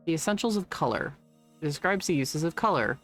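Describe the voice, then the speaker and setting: A woman's voice: deep voice, lively intonation, fairly quick. A woman streaming a game in casual commentary, reading on-screen text aloud with wry, sweary asides. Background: faint game music.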